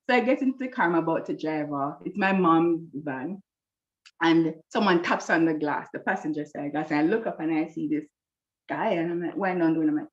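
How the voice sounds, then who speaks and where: A woman telling a lively personal story, acting out the voices of people she quotes, with a slightly dull recording. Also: sits low, a little fast. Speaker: guest telling her love story. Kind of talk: animated storytelling.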